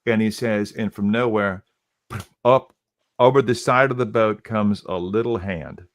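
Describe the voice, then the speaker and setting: Man, middle-aged, low voice, radio host, casual storytelling, lots of "he goes". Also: unhurried. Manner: retells quotes with many "he goes", restarts.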